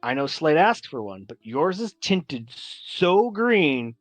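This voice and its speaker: A man narrating as game master of a tabletop game, describing scenes in a measured way and pausing to think. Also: a little high, big pitch swings, no room sound, soft background music.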